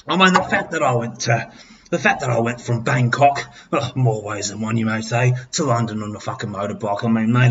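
Brief: Australian man, 50s, a bit drunk, crude rambling host, low-set voice, slightly muffled recording with faint hiss. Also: a bit bright. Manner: crude, rambling, heavy swearing. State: tipsy. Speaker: podcast host. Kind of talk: boozy comic rant. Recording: slightly dull with faint noise.

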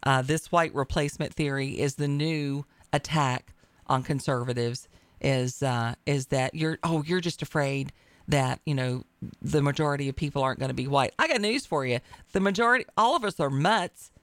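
Blunt, opinionated talk radio hostess. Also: female voice, low voice, moderate pace, dry recording. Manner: emphatic, blunt, wry. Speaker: radio talk show host.

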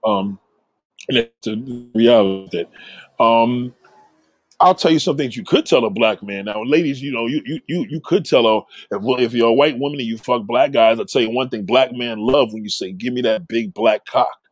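A man's voice: mid-range voice, normal speed, dry recording. A man talking straight into the camera, blunt and profane, rambling as he gives advice. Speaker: vlogger giving advice. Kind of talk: casual monologue.

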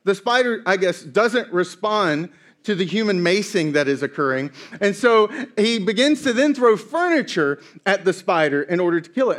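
A man preaching a sermon, telling a story with playful, animated asides. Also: high-pitched. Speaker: pastor.

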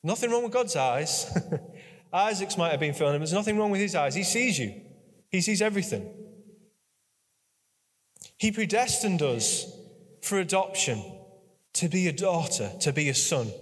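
High-voiced preacher in an echoing hall. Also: male voice. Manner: earnest, repetitive and conversational, with audience prompts. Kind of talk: sermon. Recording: long reverb of a large hall.

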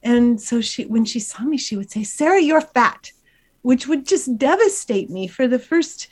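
Woman with a high, laughing voice. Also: lively intonation, moderate pace, slightly rough. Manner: warm-hearted, laughs often while telling stories. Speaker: guest author and meditation teacher. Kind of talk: conversational interview.

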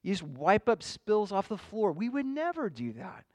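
A man preaching as a pastor teaches in an earnest, measured way and puts questions to his listeners. His voice is high and slightly mellow, with big swings in pitch.

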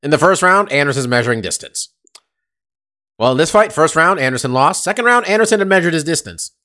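A man's voice: a little high, lively intonation, quick pace, bright, forceful tone. Male podcast co-host, casual, rambly, curses a lot. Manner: rambling, profane, uses lots of fillers. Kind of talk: casual chat. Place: California.

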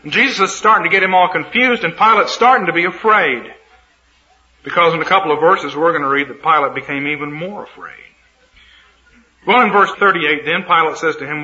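A male Bible teacher reads a passage and then breaks off into emphatic, dramatic commentary on it. His voice is very bright and sits a bit high for a man. It comes through a dull, lo-fi radio broadcast. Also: brisk. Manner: emphatic, dramatic retelling of scripture. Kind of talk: sermon reading scripture with commentary.

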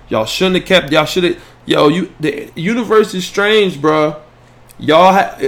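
A man hosting a casual sports podcast livestream, talking trash in a loose, profane way and addressing viewers directly. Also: fairly high pitch. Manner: animated, profane trash talk; banters with viewers and chats directly to them. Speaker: podcast host.

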